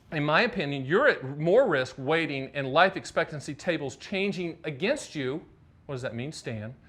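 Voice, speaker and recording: A man from North Carolina hosting a finance show, talking to the camera in an animated, emphatic way with lots of rhetorical questions. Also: high voice. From North Carolina, USA. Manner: animated, emphatic, rhetorical, addresses the viewer directly. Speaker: host of a finance channel.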